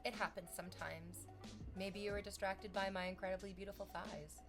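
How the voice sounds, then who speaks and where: Speaking fairly quickly at a medium pitch, a young adult woman hosts a casual livestream with music in the background. Viewers set off her excited shrieks, laughter, and free swearing.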